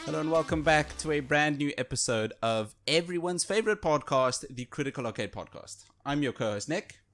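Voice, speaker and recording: A man co-hosting a casual podcast from a remote setup, playful and animated, laughing often. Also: fairly high pitch, brisk, soft background music. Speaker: podcast co-host. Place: home setup on a remote call.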